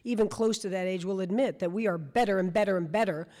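Woman, 60s, guest on stage, lively theatrical storyteller, conversational. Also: mid-range voice, fast. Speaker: guest speaker. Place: event stage before an audience.

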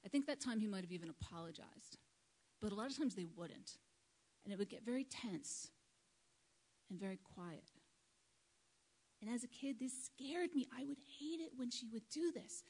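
Woman giving a measured, earnest talk. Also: a little high, expressive, darkish tone, breathy edge, poor audio. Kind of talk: prepared public talk. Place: live event with an audience. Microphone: microphone at a lectern.

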